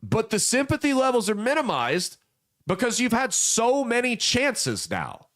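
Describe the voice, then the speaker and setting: A man's voice: very high voice, wildly swooping pitch, a little slow, a bit bright. A young adult man hosting casual political commentary, telling folksy parables with blunt emphasis. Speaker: podcast host.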